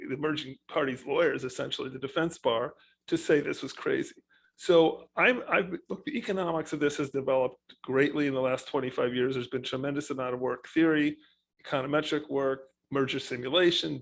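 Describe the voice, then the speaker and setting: A man speaking as an economist on a panel, telling his points with animated emphasis. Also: fairly high pitch, brisk, vocal fry, low-quality recording. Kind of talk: panel discussion.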